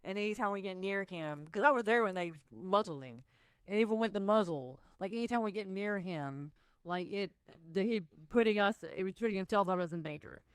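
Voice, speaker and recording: A player chatting casually at a game table, rambling and halting. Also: medium pitch, lively intonation, smooth, no room sound. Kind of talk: casual chat.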